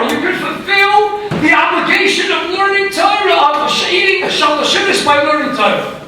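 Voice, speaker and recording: A man's voice: very high-pitched, pushed and bright. A man, a rabbi, giving a storytelling Torah lecture full of Hebrew and Yiddish terms. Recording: echoey hall, speaker far from mic, faint noise.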